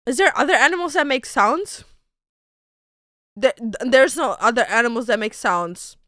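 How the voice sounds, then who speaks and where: High bright goofy woman streamer. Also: lively intonation, normal speed, no room sound, clean studio sound. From Canada. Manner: goofy, swears casually, bursts into silly voices. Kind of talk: casual stream chat doing animal sounds.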